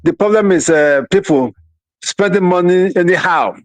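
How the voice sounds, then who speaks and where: Animated high-voiced man calling in. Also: normal speed, dry recording. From United States. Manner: animated, repetitive, voices others' reactions. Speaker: caller. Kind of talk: casual talk show call.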